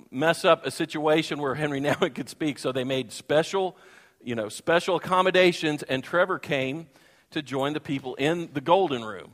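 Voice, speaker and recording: A pastor with a medium-pitched voice preaches in a church hall, telling a story animatedly, acting out the voices of its characters and singing. Long hall reverb fills the recording.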